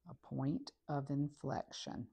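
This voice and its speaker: Slow, low-voiced woman teaching math. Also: gravelly, slightly rough. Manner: steady, methodical, talks through steps while writing. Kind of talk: recorded math lesson explaining a graph.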